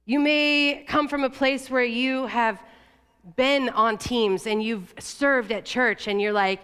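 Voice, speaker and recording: A woman's voice: on the high side, slow, fairly bright tone, clear, resonant tone, in a large hall. A middle-aged woman giving a sermon in a candid, conversational way, with fillers and self-corrections. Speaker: church leader.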